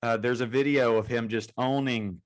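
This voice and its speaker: A man's voice: medium pitch, steady tone, normal speed. A man co-hosting a casual podcast, enthusiastic and rambling. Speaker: podcast co-host.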